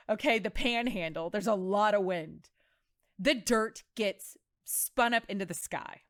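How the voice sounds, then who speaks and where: A woman hosting a podcast, telling stories in a casual, animated and dramatic way and laughing often. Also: on the high side, dry recording, studio quality. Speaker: podcast host. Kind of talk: casual storytelling chat.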